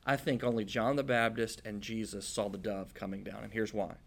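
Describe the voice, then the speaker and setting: A man's voice: fairly low pitch, little pitch movement, brisk, vocal fry. A man preaching a conversational Bible-teaching sermon, casual and joking, with folksy slang.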